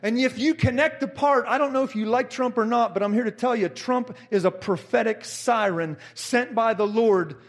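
A middle-aged man preaches a fervent sermon, repeating phrases and rising to shouts. His pitch is extremely high, he speaks at a normal speed, and he pauses little.

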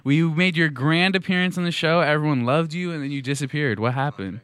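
A man's voice: fairly high pitch, a little fast, a bit bright, clear, resonant tone, no echo. A man hosting a podcast, delivering a mock-outraged, sarcastic comedic monologue. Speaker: podcast host.

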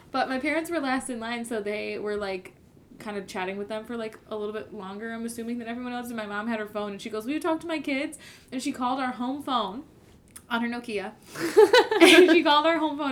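Brief: young female co-host, a bit high, laughs through her stories, swears casually. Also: a little fast. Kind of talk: casual chat.

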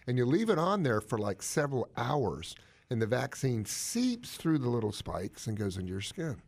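Animated man explaining health news. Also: normal speed. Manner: animated, jokey, swoops up in pitch for emphasis. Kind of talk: casual chat.

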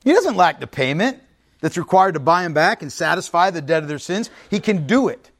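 A man with a somewhat high-pitched voice delivers a sermon. He preaches emphatically but conversationally, frequently pausing to check in with his listeners. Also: very animated, fairly bright tone. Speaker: pastor.

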